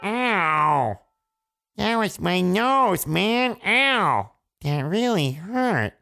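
Man voicing a wailing fairy-tale king, lively up-and-down pitch, gravelly edge, storybook. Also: brisk. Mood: whiny pained. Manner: yelps and wails in pain. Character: greedy king, whiny and panicky.

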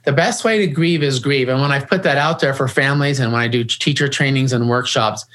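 A middle-aged man, founder of a grief organization, guests in a conversational interview, speaking earnestly and often restarting and repeating his words. His mid-range voice is brisk and fairly bright.

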